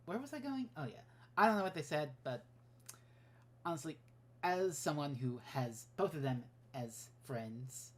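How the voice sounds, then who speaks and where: A woman's voice: extremely low pitch, darkish tone. A woman giving a heated, profanity-laced rant as a podcast guest. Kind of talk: recorded rant segment.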